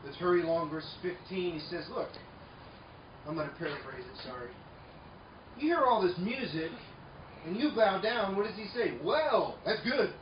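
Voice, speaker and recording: A man delivers an emphatic sermon, pressing his points with loud bursts and dropping into quieter asides. His voice sits fairly high for a man. The recording is muffled and roomy, caught from a distance with faint ambience behind. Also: moderate pace, long pauses, a little hiss or hum. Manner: emphatic, swings between loud declarations and low asides. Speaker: preacher. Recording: echoey room, mic far off, dull sound, faint ambience.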